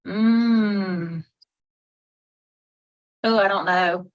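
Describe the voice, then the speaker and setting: A woman, a podcast guest who talks in a homey, expressive way with folksy sayings. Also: mid-range voice, extremely slow, muffled recording. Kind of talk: casual chat, taste-testing.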